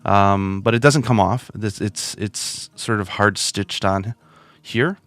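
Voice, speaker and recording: A man's voice: fairly low pitch, slow, a bit bright. A man hosting a video and reviewing plush toys in a chatty, casual way, with lots of asides. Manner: chatty, with many fillers and asides.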